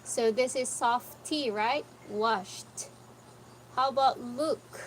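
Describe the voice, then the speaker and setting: A woman's voice: a little high, takes it slowly. A woman teaching English live online, patiently coaching a student's reading and correcting it. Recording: noisy background.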